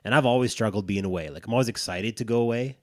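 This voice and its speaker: A man's voice: fairly low pitch, very fast, a little mellow, dry recording, studio quality. A man co-hosting a dads' podcast, telling a rambling, profane story in casual chat. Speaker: podcast co-host.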